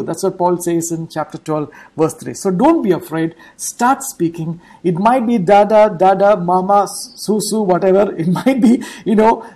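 A woman's voice: on the low side, dark tone, breathy edge, poor audio. A woman preaching an online church sermon, repeating her points and checking in with the listeners through rhetorical questions.

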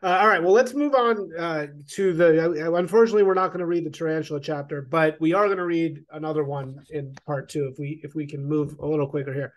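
Higher-pitched man, animated host. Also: fast, few pauses. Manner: animated, reads passages aloud at length. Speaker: podcast host. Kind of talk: casual discussion and reading aloud.

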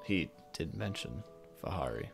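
A man playing a tabletop game, describing his character's actions in a dry, low-key manner. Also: expressive, measured pace, vocal fry, soft background music. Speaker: player. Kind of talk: casual tabletop play.

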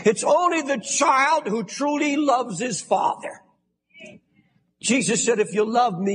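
An older American man preaching a sermon as pastor, emphatic and shouting for stress. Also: very high voice, measured pace. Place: large church sanctuary. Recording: long hall reverb.

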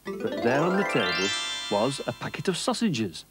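A man presenting a children's TV show and reading a story aloud in a gentle, expressive way. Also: medium pitch, normal speed, over loud music.

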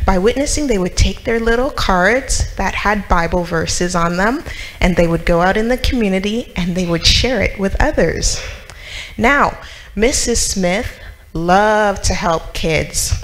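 A woman's voice: mid-range voice, lively intonation, unhurried, rough recording. A woman telling a story to children in church, asking them questions and acting out the characters.

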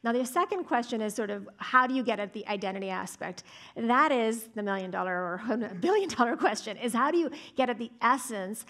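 A woman's voice: on the high side, animated, brisk, a bit bright. A woman speech scientist giving a lecture and answering audience questions in a thoughtful, explanatory way. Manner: thoughtful, explanatory, frequent "right?" and "um". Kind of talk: academic talk with audience Q&A. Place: lecture hall.

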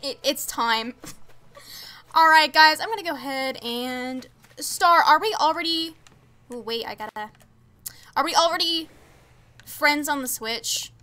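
High, bright-voiced gushing young woman streamer. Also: slow pace, long pauses. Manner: gushing and stammering, excitable. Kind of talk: casual live-stream chat.

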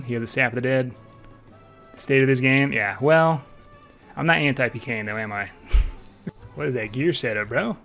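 Excitable young man commenting on gameplay. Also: mid-range voice. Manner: excitable, trash-talking, swings from mutters to shouts. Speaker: streamer playing an online game.

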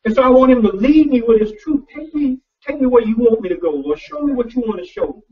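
Preaching fast with lively intonation, a male pastor speaks in an extremely high-pitched voice. His sermon is loose and conversational, folksy and personal, with many repeated words and restarts. The audio is distant, dull and lo-fi.

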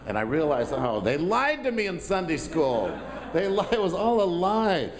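A man's voice: sits high, big pitch swings, moderate pace, poor audio. A man preaching a sermon as pastor, talking in a conversational, self-deprecating way with asides to the congregation.

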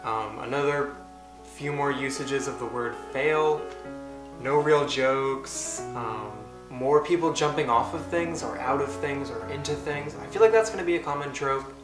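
A young man reading an old script he wrote and commenting on it in a wry, deadpan, self-mocking way. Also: medium pitch, measured pace. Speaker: YouTuber. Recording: roomy echo with music underneath.

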